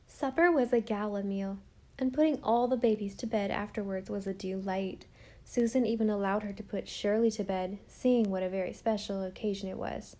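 A woman reading a novel aloud with calm, measured pacing. Her voice is mellow and warm, never sharp. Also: medium pitch. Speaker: audiobook narrator. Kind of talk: scripted narration.

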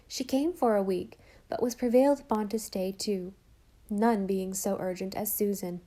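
Mellow woman narrating an audiobook. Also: medium pitch, steady tone, moderate pace. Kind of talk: scripted narration.

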